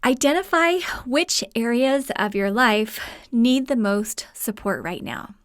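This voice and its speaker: A woman's voice: on the high side, lively intonation, slow, dry recording, studio quality. A woman hosting her own podcast alone from a room at home, chatting casually with many fillers and frequent laughter. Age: adult mother. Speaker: podcast host. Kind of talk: solo podcast talk.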